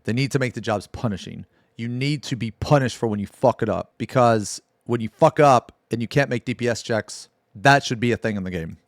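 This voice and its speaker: A man's voice: mid-range voice, a little fast, no echo, clean studio sound. A man streaming a casual reaction, talking bluntly and with a lot of swearing as he rants about game news. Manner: blunt, profane, heated outbursts.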